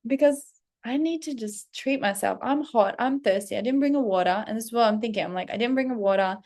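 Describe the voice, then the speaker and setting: A woman vlogger telling a personal story, animated, profane and confessional. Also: on the high side, a little fast. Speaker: self-development vlogger. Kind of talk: casual storytelling vlog.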